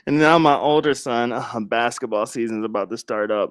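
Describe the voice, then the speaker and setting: A man's voice: medium pitch, normal speed, clean tone, dry recording, clean studio sound. A middle-aged man chatting casually on a livestream, telling a story dramatically with slangy asides and frequent laughter. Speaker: livestreaming content creator.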